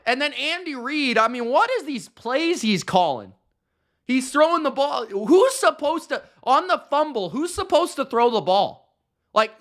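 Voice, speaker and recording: A podcast host with a very high-pitched, fairly bright voice rants about football. His sports commentary is exasperated, sarcastic, and full of slang.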